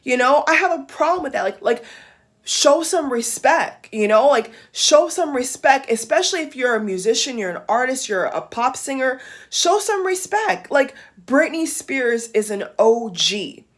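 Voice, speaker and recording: A woman's voice: high-pitched, sing-song, normal speed. A woman giving impassioned vlog commentary, emphatic and blunt, repeating phrases for emphasis and swearing. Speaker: YouTube commentator.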